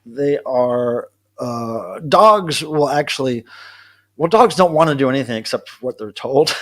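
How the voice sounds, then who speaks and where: A man hosts a relaxed live stream from his home, talking to viewers in a loose, rambling way. His voice sits at an ordinary, middle pitch, and he drifts from one thought to the next with plenty of fillers. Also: takes it slowly, long pauses. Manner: chatty and rambling, answering viewers' comments. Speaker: livestream host. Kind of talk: casual live-stream chat.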